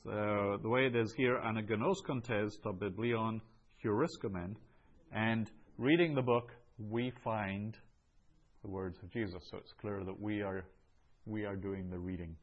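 Male teacher, unhurried delivery with fillers, dull muffled recording. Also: on the low side, steady tone. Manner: slow, measured, with many fillers. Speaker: Greek teacher. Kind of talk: classroom lesson, going over answers.

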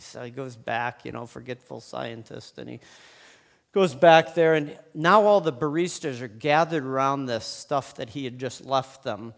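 A man's voice: on the high side, normal speed, vocal fry. A man speaking from a stage at a church event, telling a story in a chatty, joking way with plenty of fillers and restarts. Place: large hall, on a stage. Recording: long hall reverb.

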